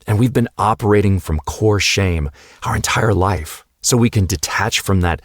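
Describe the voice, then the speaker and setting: A man hosting a podcast for husbands, speaking in a calm, measured, earnest monologue that builds lists of short repeated phrases. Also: lowish voice, dry recording, studio quality. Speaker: podcast host, coach for husbands.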